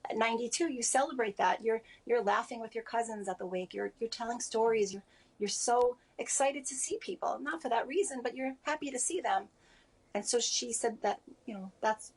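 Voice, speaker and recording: A grieving woman in her forties giving a remote interview over a video call, speaking softly and haltingly with many pauses. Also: medium pitch, vocal fry, breathy edge. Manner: halting, soft-spoken, many pauses and fillers. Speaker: interview guest.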